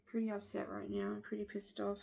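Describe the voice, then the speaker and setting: A woman in her thirties with a husky voice, bluntly venting her frustration to the camera and swearing along the way. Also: mid-range voice, completely flat delivery, brisk, warm tone. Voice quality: husky smoker-like voice. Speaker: vlogger.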